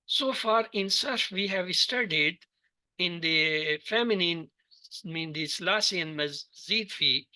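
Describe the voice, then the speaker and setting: A man with a high, bright voice leads a recorded Quranic Arabic lesson. He goes through verb conjugations in a steady drill and gives a short English gloss after each form. The recording is dry and close. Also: slow pace, no echo. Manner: plain, slightly broken English with small hesitations.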